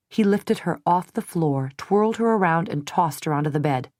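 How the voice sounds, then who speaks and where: Brief: female audiobook narrator, steady and even, lowish voice, dry studio. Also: moderate pace, hardly any pauses, no echo. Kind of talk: scripted narration.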